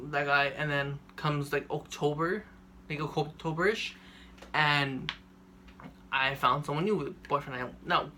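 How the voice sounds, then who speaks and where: A young man telling a personal story in a monotone that rambles and leans on filler words. His voice sits a little high, with a gravelly, bright, tense edge. Faint noise hums underneath. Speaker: vlogger.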